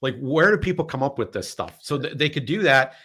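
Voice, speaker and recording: A man's voice: mid-range voice, lively intonation, a little fast, bright, forceful tone, slightly rough. A man hosting a political podcast, sarcastic and emphatic, often repeating words as he builds a point. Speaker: podcast host. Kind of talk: political commentary chat.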